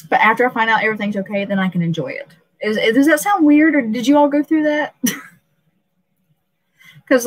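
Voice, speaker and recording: A woman hosting a casual live stream, rambling and emotional, laughing often and filling gaps with "uh" and "um". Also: fairly high pitch.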